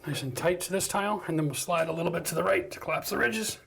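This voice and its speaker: A man's voice: a little high, fast talker, gravelly, fairly bright tone, a little hiss or hum. A man hosting a casual do-it-yourself renovation video, talking through each step in a chatty, self-mocking way and laughing at his own slip-ups. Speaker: DIY renovation host. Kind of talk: casual how-to narration. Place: bathroom under renovation.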